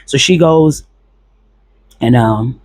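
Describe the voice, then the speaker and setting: A man's voice: mid-range voice, extremely slow, dry recording. A man bluntly recounting a personal story to camera, swearing often and acting out other people's lines. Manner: blunt, profane, animated retelling with quoted voices.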